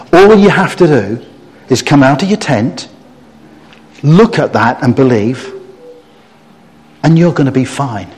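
A middle-aged man preaching a story-based sermon, acting out the people in the story and getting the audience to join in. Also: a little high. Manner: animated storyteller who acts out quotes and gets the audience to join in. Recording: long reverb of a large hall.

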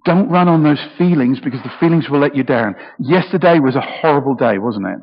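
A man's voice: mid-range voice, brisk, husky. A middle-aged British man preaching a sermon, emotional and passionate, often repeating words as he goes. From Britain. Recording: echoey hall, dull sound.

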